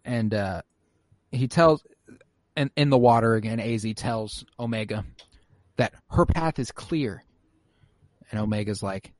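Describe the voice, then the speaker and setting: A man recapping a show episode in casual chat, animated and swearing freely as he acts out his reactions. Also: fairly low pitch, measured pace, long pauses, no room sound. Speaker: podcast host recapping an episode.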